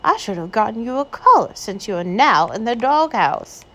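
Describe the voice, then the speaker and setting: A woman's voice: fairly high pitch, big pitch swings, normal speed, sharp tone, voice pushed up, heavily acted. A woman doing a wry storybook wife. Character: sharp-tongued middle-aged wife, quick comebacks.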